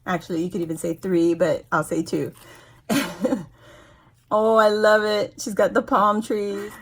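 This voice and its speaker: Unboxing craft supplies from a giveaway, this woman vlogger keeps up an excited, casual chat full of gushing, exclamations and frequent laughter. She speaks a little slowly in a mid-range, level voice with a breathy edge.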